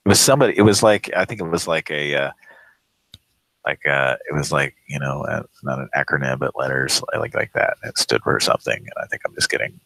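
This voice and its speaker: A man's voice: rumbling low, expressive, brisk, gravelly, a bit bright, no room sound, rough recording. A young man hosting a live prank call show, rambling in casual, profane banter and laughing often.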